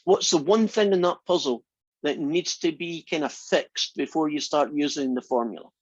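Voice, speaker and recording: A man's voice: on the high side, moderate pace, husky, no echo. A man teaching a math class in a chatty, teasing way, often asking the students questions. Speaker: math instructor. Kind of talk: classroom lecture. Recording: dull lo-fi lecture recording.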